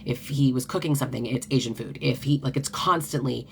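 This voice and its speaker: Very low, gravelly-voiced woman coach. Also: fairly quick, a little hiss or hum. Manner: earnest and conversational, with many "like" fillers. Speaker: certified coach and author hosting a live stream. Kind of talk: live-stream talk to viewers.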